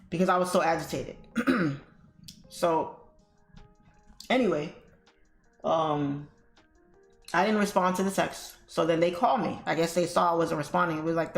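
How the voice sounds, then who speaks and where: A woman's voice: lowish voice, vocal fry. A woman host chatting casually to her viewers, telling an exasperated story with salty language and calling them y'all. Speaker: trading livestream host. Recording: roomy echo with faint music.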